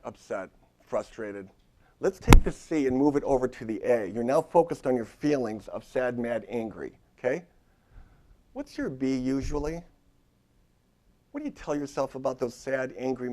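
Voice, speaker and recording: Relaxed man in his fifties lecturing. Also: medium pitch. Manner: conversational, checks in with frequent "okay?" and repeats phrases. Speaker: therapist lecturing students. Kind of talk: classroom lecture. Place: university classroom.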